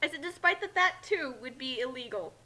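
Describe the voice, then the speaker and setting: A woman joins a fan-story reading as co-commentator and keeps dropping dry, teasing jabs. Her voice is very high and sharp. Her pitch stays lively. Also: a little fast. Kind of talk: casual comedic commentary.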